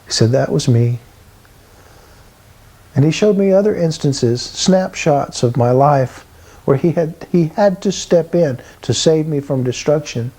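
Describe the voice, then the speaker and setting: A man's voice: on the high side, moderate pace, mellow, poor audio. A man in his sixties from Texas giving an earnest, vivid spoken testimony about his life. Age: 60s. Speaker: testimony speaker.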